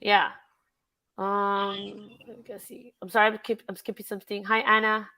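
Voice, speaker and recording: A woman's voice: mid-range voice, flat delivery, normal speed, pushed and bright. A woman hosting a casual true-crime livestream, chatting with a guest, reading out chat and swearing freely. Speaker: livestream host.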